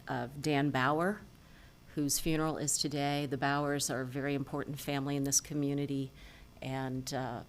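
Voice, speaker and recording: A woman's voice: a bass voice, a little hiss or hum. A woman on a city council giving chatty, informal remarks in a meeting. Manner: chatty, tells jokes with put-on voices. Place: council chamber.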